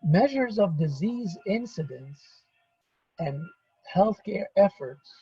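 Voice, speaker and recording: Husky-voiced guy lecturing over a webinar, kinda high voice, muffled lo-fi audio, lots of uhs and restarts. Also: expressive, slow, mellow. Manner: unscripted, with fillers and restarts.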